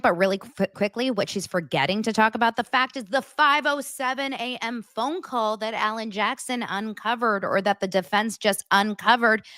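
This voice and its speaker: A woman with a high, bouncy voice runs a casual true-crime commentary, sarcastic and incredulous. Her voice swoops up and down as she reacts, recorded dry and close. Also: bright, forceful tone, no echo. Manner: sarcastic, incredulous, fast-talking. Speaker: commentary host.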